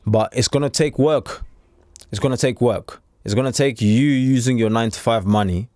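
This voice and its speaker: A man's voice: medium pitch, normal speed, a little mellow, no echo, clean studio sound. A man talking casually to camera as a trading coach, chatty and repetitive, with streetwise slang. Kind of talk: casual unscripted talk to camera.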